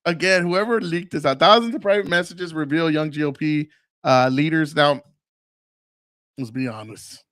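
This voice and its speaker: Male podcast host, pitched a bit high, crude and blunt, mimics others in his stories; dry, close sound. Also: moderate pace, a bit bright, no room sound. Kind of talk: casual monologue.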